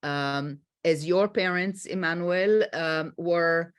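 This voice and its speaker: Israeli woman, middle-aged, panel moderator; deep for a woman, unhurried, halting delivery. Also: clear, resonant tone. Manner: slow, halting, many fillers.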